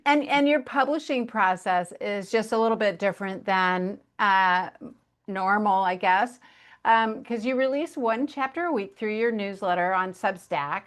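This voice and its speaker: A woman's voice: medium pitch, a little slow. A woman hosting an interview, chatting casually with lots of fillers like "like" and "you know". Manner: chatty, many fillers like 'like' and 'you know'. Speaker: interviewer host.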